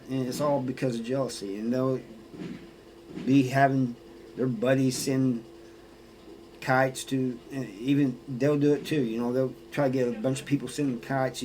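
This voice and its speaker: A man's voice: mid-range voice, noisy background. A man who served time in prison talks casually about life inside, plainspoken, often restarting his sentences and adding "you know.". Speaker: former prisoner sharing experiences. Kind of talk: casual storytelling monologue.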